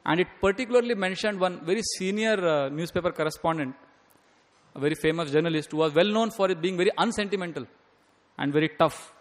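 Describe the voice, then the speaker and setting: A man's voice: high-pitched, quick pace. A man delivers a devotional lecture, moving between storytelling and quoted scripture. His words carry a long reverb, as if spoken in a large hall. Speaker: speaker giving a devotional talk.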